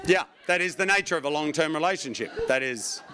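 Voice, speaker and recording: A man's voice: a little high, fairly quick. A man performing a stand-up comedy routine, wry and profane, telling stories with lots of energy. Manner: wry, profane, animated storytelling.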